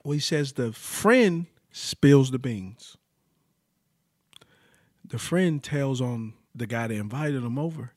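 A man telling a story in casual conversation, animated and full of filler words. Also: medium pitch, takes it slowly, pauses often, no room sound, studio quality. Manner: animated storytelling, acts out quoted voices, many "like" fillers. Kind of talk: casual chat.

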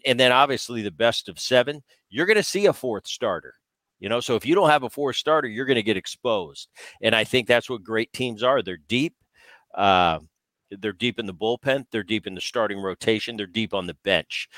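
A man's voice: on the low side, a bit bright, dry recording. A man co-hosting a baseball podcast, a former player who talks in a casual, emphatic way and often repeats himself as he restarts. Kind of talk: casual sports talk.

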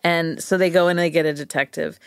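Brief: woman podcast co-host, lively comic storyteller, low-ish voice, dry close mic. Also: a little fast, vocal fry, smooth, no room sound. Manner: animated, jokey, slips into silly voices. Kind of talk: comedic storytelling chat.

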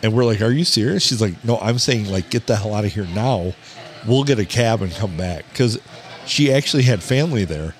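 A man hosting a podcast from a bar, telling a story in a casual, animated way, swearing and quoting people. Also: lowish voice, brisk. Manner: swearing, animated anecdote teller who quotes people. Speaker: podcast host.

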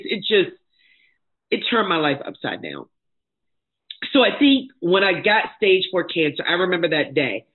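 A middle-aged woman, a life coach and motivational speaker, telling her own story as a guest, blunt and emphatic in a candid, animated way. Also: fairly low pitch, measured pace, pauses often, husky. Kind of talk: candid personal storytelling in conversation. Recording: tinny phone-like sound.

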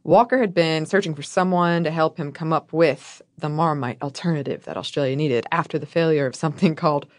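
Wry, low-pitched woman podcast host. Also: a little fast, hardly any pauses, no room sound, studio quality. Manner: wry, playful, laughs often. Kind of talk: scripted history storytelling with banter.

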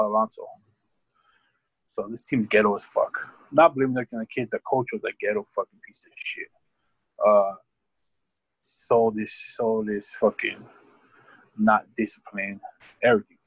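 A man telling a rambling, profane story about coaching high school football, speaking in a casual podcast chat. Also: fairly bright tone, husky, no echo, poor audio. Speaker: podcast guest.

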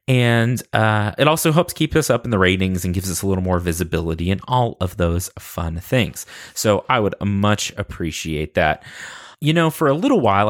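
Goofy chatty young podcast host. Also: male voice, fairly low pitch. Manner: goofy, self-deprecating, chatty. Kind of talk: casual podcast intro.

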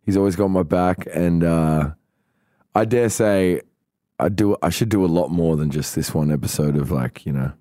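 A man's voice: sits low, moderate pace, warm tone, dry recording, clean studio sound. A man co-hosting a podcast, chatting casually with joking, self-mocking banter. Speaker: podcast co-host. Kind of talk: casual chat.

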